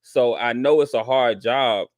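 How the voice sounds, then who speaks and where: A man's voice: mid-range voice, unhurried, no echo, studio quality. A man hosting a call-in show, talking with callers in an easygoing, sympathetic way. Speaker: host.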